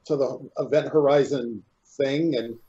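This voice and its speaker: A man playing a tabletop game, thinking aloud in halting phrases. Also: mid-range voice, steady tone, warm tone. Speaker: player. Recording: dull lo-fi sound.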